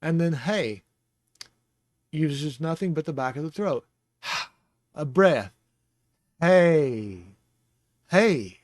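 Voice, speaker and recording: Slow-talking man teaching Hebrew letters. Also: on the high side, expressive, no echo, studio quality. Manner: slow and rambling, with fillers, chuckles and sounded-out syllables. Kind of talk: casual lesson.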